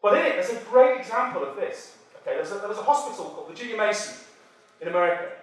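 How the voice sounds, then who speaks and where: A British man delivers an animated conference keynote in a high, bright-pitched voice, teasing and quizzing the crowd as he goes. The sound carries a heavy echo from the large hall. He stands a little back from the microphone. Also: fast, distant mic. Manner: animated, jokey, chatty with the audience. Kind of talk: energetic keynote talk. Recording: echoey hall, speaker off-mic.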